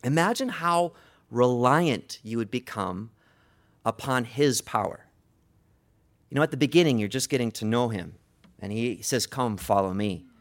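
A gravelly male preacher delivering a sermon with dramatic storytelling. His pitch rises and falls widely, and he drops to a hush one moment and calls out the next. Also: expressive, measured pace. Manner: dramatic storytelling, swings from hushed to loud.

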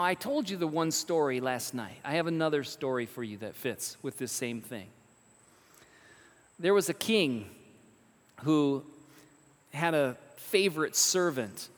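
A man preaching a sermon, telling stories with emphatic, animated delivery and rhetorical questions. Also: a little high. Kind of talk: sermon storytelling. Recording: long reverb of a large hall.

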